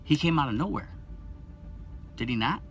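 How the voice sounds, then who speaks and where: A man's voice: mid-range voice, animated, moderate pace, fairly bright tone. Agitated man ranting to camera. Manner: agitated, rambling, repeats himself. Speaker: YouTube channel host. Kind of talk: impassioned conspiracy monologue.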